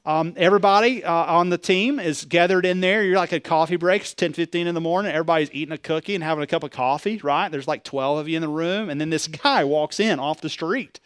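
A man, a pastor preaching a sermon in a conversational way, swinging between loud emphasis and quiet asides. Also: fairly high pitch, quick pace, few pauses, smooth, no echo, studio quality.

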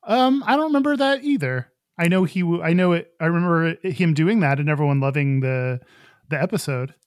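A man co-hosting a casual podcast, joking with deadpan one-liners. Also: fairly high pitch, fairly quick, no echo, studio quality. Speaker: podcast co-host.

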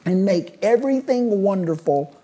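A woman delivers a sermon in a mellow, slightly husky voice. She speaks emphatically, driving her points home with repeated phrases that build on one another. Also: medium pitch, lively intonation, normal speed. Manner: emphatic, building repetitive lists. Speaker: preacher.

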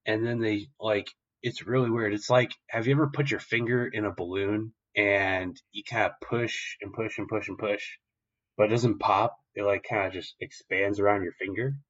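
A man's voice: lowish voice, steady tone, normal speed, fairly bright tone. A young man hosting a podcast, casually and profanely retelling the plot of an episode in a rambling way, in a dull lo-fi recording. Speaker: podcast host.

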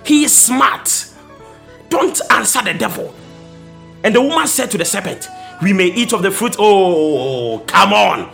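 High, gravelly, impassioned male preacher. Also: lively intonation, normal speed, pauses often, soft background music. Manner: impassioned, shouting and sing-song emphasis. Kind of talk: sermon.

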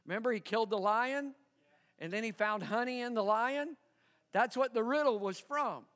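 A man preaching a sermon, retelling a story in an animated way, acting out the voices of the people in it and chuckling often. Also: extremely high pitch, moderate pace, long reverb tail. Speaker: pastor.

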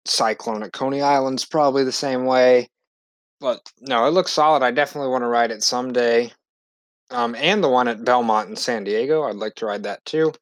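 A man's voice: medium pitch, a little fast, no room sound. Easygoing male podcast co-host, dry mic. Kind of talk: casual chat.

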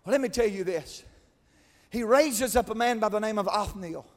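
A man preaching a sermon, swinging between shouted, chanted climaxes and quiet, conversational asides. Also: sits high, moderate pace. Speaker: pastor. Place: large church. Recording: long reverb of a church hall.

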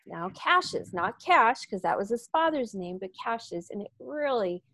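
An American woman hosting a podcast, an enthusiastic and animated storyteller in casual interview chat. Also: fairly high pitch, moderate pace, dry recording. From United States. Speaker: podcast host.

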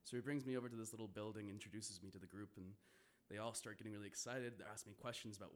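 A man's voice: lowish voice, fairly even intonation, racing, slight background noise. A man telling a vivid first-person story to an audience, swearing and laughing now and then.

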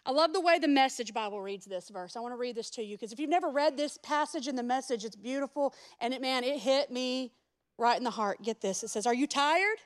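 A woman's voice: on the high side, a little fast. A woman pastor giving a sermon in a casual, conversational way, speaking straight to the congregation with humorous asides. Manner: addresses the congregation directly.

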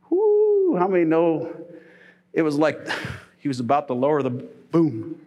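A middle-aged man pastor preaching a humorous, animated sermon in church, telling stories and laughing as he goes. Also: a little high, unhurried.

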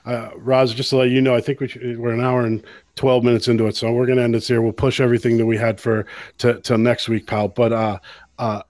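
A man hosting a podcast at a mid pitch, laughing often and stumbling through restarts. His voice sounds dry and close, with no room around it. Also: little pitch movement, brisk, a little mellow, no echo. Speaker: podcast host. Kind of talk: casual chat.

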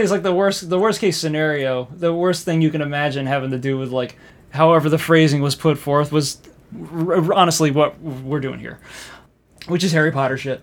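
Male comedy podcast co-host, a bit high, halting and jokey. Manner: rambling, halting, full of restarts and jokey silly voices. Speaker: co-host taking online quizzes. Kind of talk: casual comedic podcast banter.

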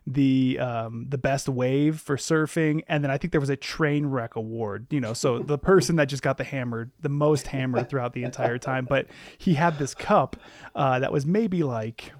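A man hosting an interview podcast, talking slowly and hesitantly as he searches for words. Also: mid-range voice, no echo. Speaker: podcast host.

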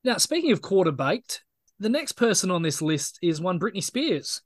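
Male podcast co-host, dry wit, slightly raised pitch, close dry recording. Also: big pitch swings, moderate pace, dry recording. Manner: dry, joking. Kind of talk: casual chat.

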